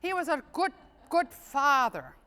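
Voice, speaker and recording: A woman voicing a pompous older male priest who praises himself in grand, slow, swelling phrases. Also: high voice, big pitch swings, pushed and bright, voice pushed up, heavily acted. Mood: grandiose. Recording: long hall reverb, live stage.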